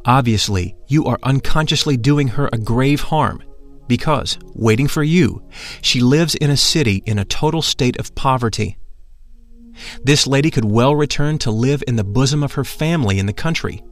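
A man voicing a solemn, gentle elderly spiritual master who gives instructions to his disciple. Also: medium pitch, moderate pace, soft background music, close to an everyday voice.

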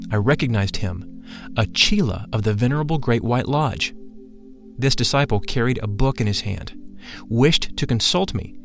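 Male narrator for a first-person spiritual memoir; steady, solemn, mid-range voice, soft music under it. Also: mid-range voice. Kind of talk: audiobook narration.

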